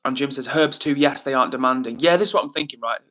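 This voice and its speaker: A young man hosts a livestream, chatting casually in an upbeat way and reading viewer messages aloud. His medium-pitched voice is fast, bright, and forceful.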